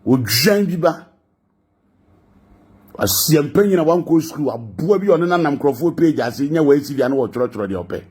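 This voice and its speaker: A man's voice: on the high side, lively intonation, normal speed, darkish tone, husky. A man with a Ghanaian accent giving mocking gossip commentary, laughing often between lines. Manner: laughing, mocking, mixing languages.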